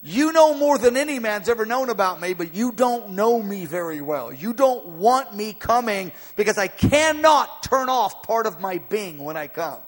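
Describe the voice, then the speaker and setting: A preacher voicing God as a stern, caring deity, high and echoing. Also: male voice, very animated, normal speed, few pauses. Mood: insistent. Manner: emphatic, pleading and warning. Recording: long hall reverb.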